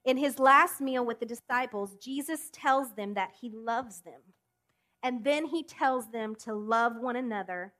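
A woman's voice: a little high, fairly bright tone. Emphatic woman preaching a sermon. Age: adult. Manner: emphatic, with deliberate pauses and rising appeals.

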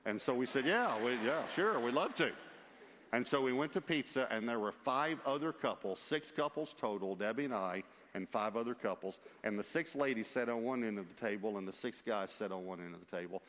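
A male preacher telling a personal story in an emphatic, lively way, with asides to his listeners, in a church. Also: fairly low pitch, a little fast, hardly any pauses. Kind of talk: storytelling sermon. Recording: long reverb of a large hall.

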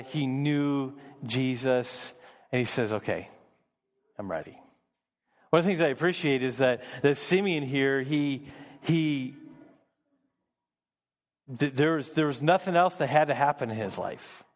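Earnest preacher in an echoing hall. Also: male voice, mid-range voice. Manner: earnest, repeats words when building emphasis. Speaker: pastor. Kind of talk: sermon.

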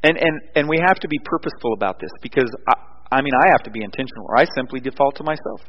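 A man's voice: mid-range voice, expressive, very fast, big-room sound, lo-fi sound. A man preaching a sermon as pastor, telling stories in an earnest way and building to emphatic peaks. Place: church.

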